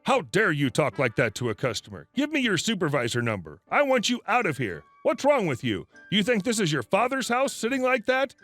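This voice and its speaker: A man's voice: high voice, wildly swooping pitch, fairly quick, few pauses, fairly bright tone, dry recording, soft background music, full character voice. A man reading the part of a rude, scolding female store manager in a story. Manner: bossy, snapping.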